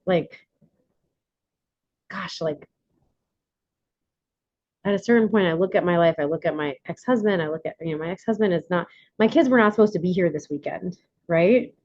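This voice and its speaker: A woman's voice: mid-range voice, darkish tone, no room sound, highs cut off. A woman leading an online workshop, sharing candidly with many fillers and restarts. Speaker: workshop leader.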